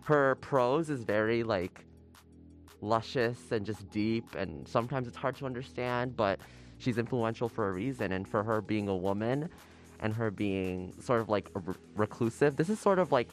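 A man's voice: on the low side, lively intonation, normal speed, faint music behind. A young man co-hosting a podcast, chatting casually in an upbeat way. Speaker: podcast co-host. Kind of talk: casual chat.

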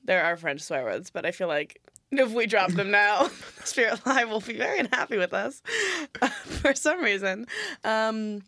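A woman's voice: mid-range voice, lively intonation, a little slow, bright, forceful tone, dry recording, clean studio sound. A young woman co-hosting a podcast in casual chat, talking chattily with lots of fillers and frequent laughs. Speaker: podcast co-host.

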